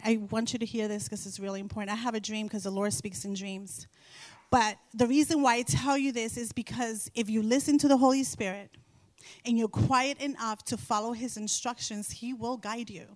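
A middle-aged woman sharing a Christian testimony with an audience, telling her story in an animated way and repeating phrases for emphasis. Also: on the high side, no room sound. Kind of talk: faith testimony told to an audience.

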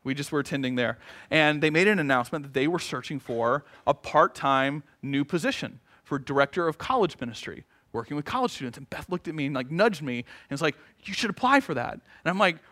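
A man's voice: fairly high pitch, expressive, a little fast, fairly bright tone. A middle-aged man preaching as a pastor, telling a personal story with humorous asides and acted-out quotes. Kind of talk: sermon.

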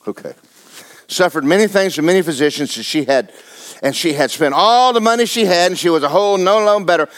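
Animated folksy preacher man. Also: sits high, fairly quick. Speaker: pastor. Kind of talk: sermon.

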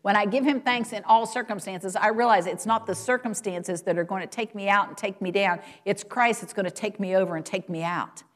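A woman preaching a sermon to a congregation, asking rhetorical questions and swinging from loud, high exclamations to soft, low asides. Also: a little fast, hardly any pauses. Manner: rises in pitch and volume for quoted lines and exclamations, drops low and soft at points; addresses congregation directly, asks rhetorical questions.

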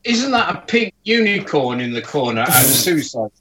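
Co-host with teasing quick jokes, bouncy voice, noisy line. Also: mid-range voice, very animated. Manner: teasing, quick one-liners. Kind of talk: casual podcast chat. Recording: noisy call audio.

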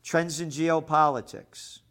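A man hosting a commentary show, ranting sarcastically with lots of profanity, swinging between shouting and muttering. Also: on the high side, fairly even intonation, takes it slowly. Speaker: show host.

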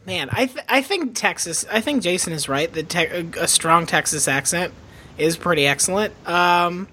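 A man's voice: sits high, bright, forceful tone. Hesitant man, casual podcast chat. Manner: thoughtful, hesitant, restarts often. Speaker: podcast co-host.

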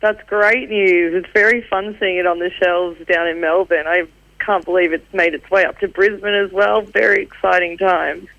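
A woman's voice: fairly low pitch, steady tone, moderate pace, vocal fry, fairly bright tone, no room sound, muffled recording. A woman author being interviewed as a guest, answering in a friendly, easy way. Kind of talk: casual interview.

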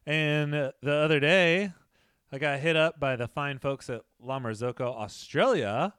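A young adult man co-hosting a podcast in casual chat, joking and laughing often, quoting people in animated voices. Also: fairly high pitch, a little slow, clear, resonant tone, no room sound, studio quality. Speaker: podcast co-host.

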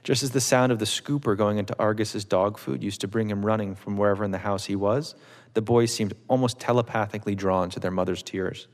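Author reading: man, low and gravelly, measured and wry, echoing in a big hall. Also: fairly even intonation. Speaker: author reading his novel. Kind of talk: public reading to a live audience. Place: auditorium stage. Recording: long reverb of a large hall.

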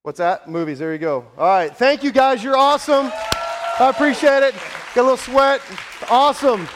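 A man pastor running a playful contest in front of his church, joking and shouting with excitement, then winding down out of breath with a scratchy throat. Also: extremely high pitch, moderate pace, crowd noise. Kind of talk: lively church service hosting. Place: large church hall with congregation.

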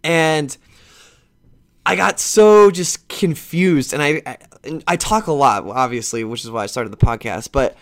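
A man's voice: fairly high pitch, a little slow. A man hosting a podcast, telling a long casual story that rambles, restarts and swears a little, and livening up as he retells conversations. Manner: lively when retelling conversations. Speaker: podcast host.

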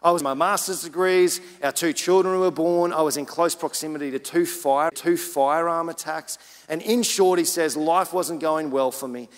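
A man's voice: fairly high pitch, moderate pace, hardly any pauses. A man preaching a sermon as pastor, chatty and personal, then building to earnest emphasis. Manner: casual preaching, rising to urgent emphasis. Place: church. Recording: church hall reverb.

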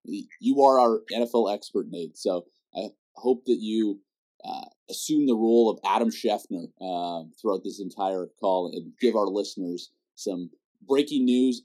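A man's voice: lowish voice, mellow. A Canadian man hosting a podcast, chatting casually in a rambling way with lots of fillers and restarts. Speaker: podcast host. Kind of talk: casual interview chat.

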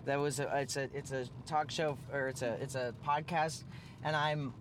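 A man's voice: mid-range voice, fairly even intonation, moderate pace. A man driving a car while co-hosting a casual podcast, trading wry, teasing banter with his friend. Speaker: podcast co-host and driver. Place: inside a moving car. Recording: car with faint road noise.

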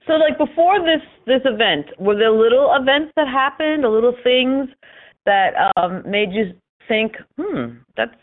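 A woman's voice: a little high, expressive, normal speed. A woman interviewing a guest, asking questions and giving brief, attentive acknowledgments. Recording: tinny phone-like line.

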